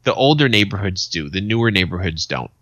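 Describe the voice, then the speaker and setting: A man's voice: sits low, animated, a little fast, a bit bright, no echo, muffled recording. A man in his thirties, a podcast co-host telling stories in casual chat, swearing freely and acting out quotes. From Arizona, USA. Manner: swearing, storytelling with acted quotes.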